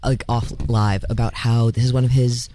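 A man's voice: medium pitch, little pitch movement, normal speed, warm tone, a little hiss or hum. A young man co-hosting a radio music show in a studio, easygoing and casual.

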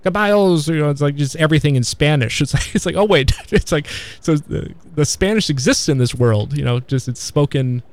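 Halting, rambling man discussing old films. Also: a little high. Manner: rambling, halting, many restarts and fillers. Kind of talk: casual film discussion.

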